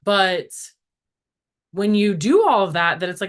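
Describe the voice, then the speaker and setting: Middle-aged woman, casual podcast guest, animated, chatty, lots of fillers. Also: mid-range voice, a little slow, pauses often. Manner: animated storytelling, acts out voices in quotes; frequent "like" fillers. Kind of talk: casual spiritual chat.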